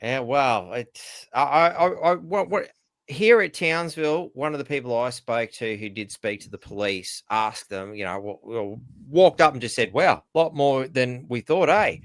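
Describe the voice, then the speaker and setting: An Australian man chatting as a guest on an online panel, telling stories in a halting, stammering way. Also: mid-range voice, expressive, a bit bright, no room sound. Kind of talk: casual panel chat.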